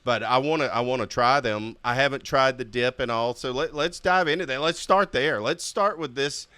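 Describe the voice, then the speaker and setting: A male podcast host with a bright, sharp tone and crisp clarity. He talks casually and animatedly, laughing often, and the sound is close and dry with no room. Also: mid-range voice, moderate pace, no echo.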